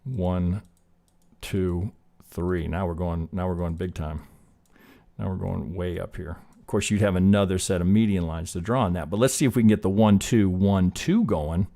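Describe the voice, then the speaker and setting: A man's voice: sits low, fairly even intonation, moderate pace, gravelly, dark tone. Casual man talking through trading charts. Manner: loose and chatty, swears, gets fired up. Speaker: trading stream host. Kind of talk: live chart analysis, casual teaching.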